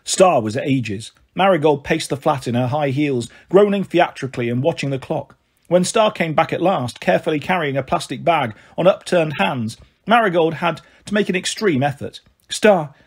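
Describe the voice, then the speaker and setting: A man reads a children's novel aloud in a steady first-person narration. His voice sits a little high for a man and has a husky edge. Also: moderate pace. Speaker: storyteller. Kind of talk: storybook reading.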